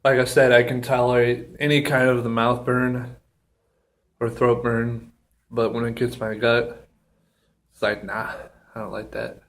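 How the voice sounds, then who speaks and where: A man speaks slowly in a casual solo review, his pitch staying flat and even. He halts often with ums and pauses. He sounds a little out of breath, sniffly from a runny nose, with his mouth still burning. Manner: halting, with many ums and pauses. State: slightly out of breath from pepper heat. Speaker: pepper reviewer.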